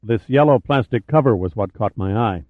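A man voicing a calm, cynical male adventurer who talks casually and dryly in an audiobook reading. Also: fairly low pitch, moderate pace, no echo, natural voice. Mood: cool. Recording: tinny phone-like audio.

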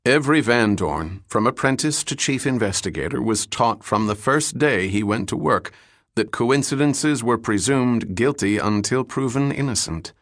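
A man narrating an audiobook in a measured, even reading style. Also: medium pitch, no echo, clean studio sound. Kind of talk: scripted narration.

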